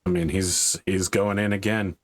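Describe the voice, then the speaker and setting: Male game master, lowish voice, casual and chatty, narrating the action and talking rules out loud. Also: level tone, normal speed, a little hiss or hum. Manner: casual, chatty, thinks aloud about rules.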